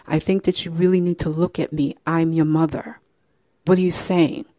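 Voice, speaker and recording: A woman's voice: deep voice, level tone, normal speed, mellow, dry recording, studio quality, lightly acted. A woman voicing a pleading, bewildered mother. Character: distressed mother pleading with her grown daughter.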